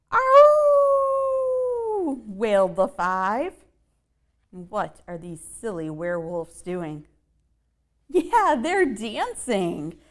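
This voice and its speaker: A woman reads a children's picture book aloud at a very unhurried pace, and her pitch rises and falls a lot. She reads the rhymes in a sing-song way and stops to ask her young listeners questions. Her voice sits in a middle register. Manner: sing-song rhyming delivery with playful asides.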